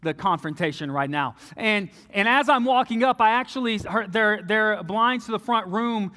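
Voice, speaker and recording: Young guy telling a story at church, high voice, lots of hall reverb. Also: moderate pace. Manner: animated storytelling, often drops low and soft for quoted lines. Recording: long reverb of a large hall.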